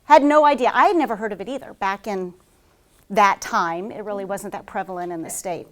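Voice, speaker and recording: A woman HR consultant giving a conference talk to a live audience, telling stories at a rapid clip with frequent fillers. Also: mid-range voice. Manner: fast-paced, says she talks like an auctioneer; lively storytelling with frequent "um" fillers.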